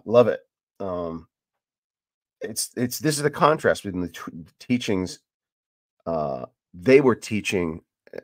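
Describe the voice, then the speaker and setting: A man hosting a casual Bible teaching podcast, talking in an animated, rambling way with many restarts and sudden emphatic bursts. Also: fairly low pitch, dry recording, clean studio sound. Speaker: podcast host.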